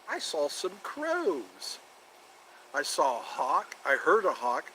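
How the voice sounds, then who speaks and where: Man, livestream host, outdoors, rambling, repeats himself, slightly high voice, faint traffic behind. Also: wildly swooping pitch, takes it slowly, bright, forceful tone, low-quality recording. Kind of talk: casual solo livestream chat. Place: outdoors near his home.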